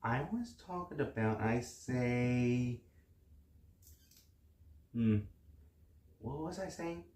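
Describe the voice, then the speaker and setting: A woman voicing a calm, forgetful grown-up who talks low and slow, trailing off as she muses, with an echoey room sound. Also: heavily acted. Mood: musing. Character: calm, forgetful grown-up caretaker of a baby star. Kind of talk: amateur cartoon voice acting.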